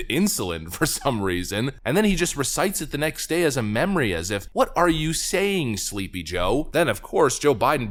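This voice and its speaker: A man giving scripted online political commentary in a sarcastic, mocking tone. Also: medium pitch.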